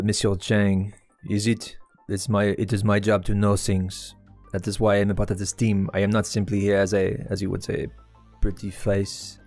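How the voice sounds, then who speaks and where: Man voicing a cool French info broker, fake accent, formal, halting. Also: fairly low pitch, darkish tone, close to an everyday voice. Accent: put-on French. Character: calculating male French information broker.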